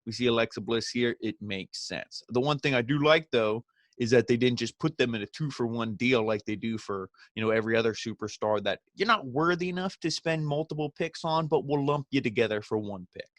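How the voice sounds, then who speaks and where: Recapping a wrestling episode, the host goes on a loose, sarcastic rant, frequently mimicking wrestlers in brief mocking asides. His voice sits in a normal middle range, and the audio is dry and close without any echo.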